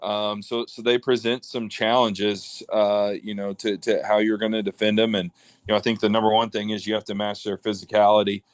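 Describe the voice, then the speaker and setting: Low, flat-voiced American football coach. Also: male voice, smooth, no echo. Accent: American Midwestern. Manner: halting, many fillers and restarts. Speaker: high school football head coach. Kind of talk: radio interview.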